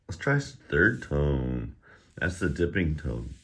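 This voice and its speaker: A language teacher gives a pronunciation lesson in a very deep male voice, slow and fairly bright, with wide swings in pitch. He drills each syllable loudly one at a time, then explains it in an ordinary conversational tone, sounding a little out of breath.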